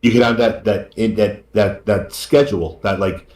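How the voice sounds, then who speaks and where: The speaker is a man interviewed as a guest author, his voice fairly low, steady and darkish at a normal speed. The talk is emotional: he tears up, repeats himself, and sounds earnest and grateful. There's echo from the room.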